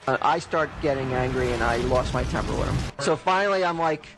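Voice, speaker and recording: A man's voice: mid-range voice, quick pace, hardly any pauses, very noisy. A man hosting a stream, telling a story casually, swearing and acting out both sides of the conversation. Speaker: stream host.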